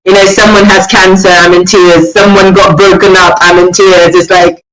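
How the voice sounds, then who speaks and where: A man guest in a casual interview, telling animated stories about himself and poking fun at himself. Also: sits high, moderate pace. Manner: animated storyteller, acts out quotes, self-mocking. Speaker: guest, children's author. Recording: roomy, distant mic, crowd behind.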